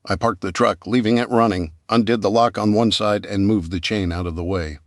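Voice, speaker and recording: A man narrating a first-person thriller audiobook in a calm, even storytelling manner. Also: lowish voice, brisk, no echo, studio quality.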